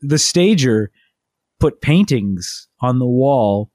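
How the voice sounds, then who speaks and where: A man in his thirties co-hosting a podcast, with dry, deadpan humor in easy conversation. His pitch sits in the middle range. The sound is dry and close-miked. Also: slow, no room sound. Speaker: podcast co-host. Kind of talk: casual chat.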